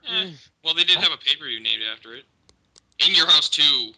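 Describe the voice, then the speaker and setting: Gravelly man with dry wisecracks. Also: on the high side, lively intonation, fairly quick, pushed and bright, low-quality recording. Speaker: podcast co-host. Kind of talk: casual podcast chat.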